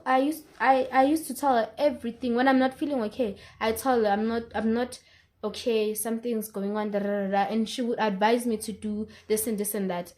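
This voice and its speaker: A young woman with a South African accent telling a personal story in a vlog, emotional and repetitive, slipping isiZulu words into her English. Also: fairly high pitch. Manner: emotional, repeats phrases, mixes in isiZulu words. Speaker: vlogger. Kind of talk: personal life-update storytelling.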